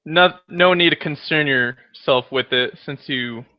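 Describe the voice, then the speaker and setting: A man voicing a snide, sharp-tongued male adventurer who speaks curtly and sneers. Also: a little high, a little slow, highs cut off, natural voice. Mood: sneering.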